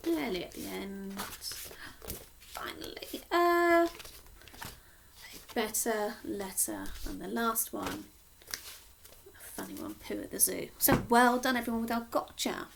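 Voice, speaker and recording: A woman teacher from Cornwall slowly sounding out words in a sing-song phonics lesson for young children. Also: fairly high pitch, gravelly, background noise. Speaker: primary school teacher.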